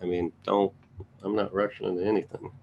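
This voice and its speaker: A man with a low, gravelly voice talks offhandedly through option trades, thinking aloud and tossing quick asides to viewers. A faint hum sits under the recording. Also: flat delivery, muffled recording. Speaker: trading educator reviewing charts. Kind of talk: casual live market commentary.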